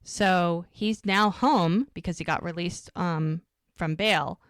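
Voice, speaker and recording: A woman's voice: fairly low pitch, slow pace, dry recording, studio quality. A woman hosting a rewatch podcast, casually recapping a TV episode scene by scene with lots of "like" and "she goes.". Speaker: podcast co-host.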